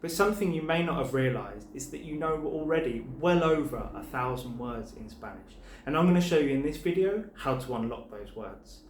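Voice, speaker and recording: A man teaching a language lesson, spelling out word endings letter by letter and pairing each word with its translation in a clear, measured way. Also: medium pitch, lively intonation, roomy sound, a little hiss or hum. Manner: clear, slow spelling-out of letters and paired words. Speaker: Spanish teacher.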